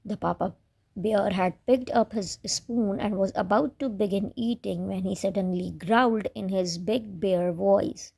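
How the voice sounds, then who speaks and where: A woman reading a children's fairy tale aloud in a gentle storybook manner. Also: mid-range voice, measured pace, vocal fry, slightly rough.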